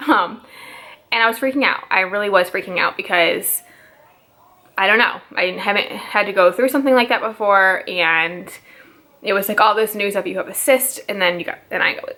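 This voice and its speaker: Bright-voiced chatty young woman vlogger. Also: medium pitch, normal speed. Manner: chatty, lots of "like", quotes others in her own voice. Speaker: mom vlogger. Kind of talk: casual storytime vlog.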